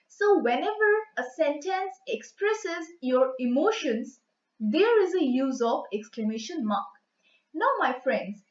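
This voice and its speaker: Lady teaching grammar, high lively voice, echoey room, kinda dull lo-fi sound. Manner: slow, emphatic, acts out example exclamations. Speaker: English teacher. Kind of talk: explaining grammar rules.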